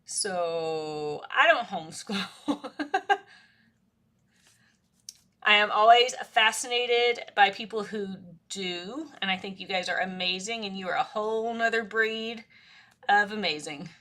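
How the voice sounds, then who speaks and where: A woman with a bright, clear voice hosts a live crafting session from her desk. She rambles casually and talks to herself as she works, with frequent laughs. Her tone stays loose and conversational. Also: medium pitch, slow. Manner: rambling, self-talk while working, laughs often. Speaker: craft live-stream host. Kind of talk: chatty live crafting demo.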